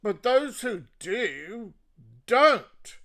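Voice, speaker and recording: A man's voice: extremely high pitch, sing-song, extremely slow, bright, forceful tone. An Australian man giving a sarcastic, mocking solo commentary as host of his own show. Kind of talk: solo political commentary monologue.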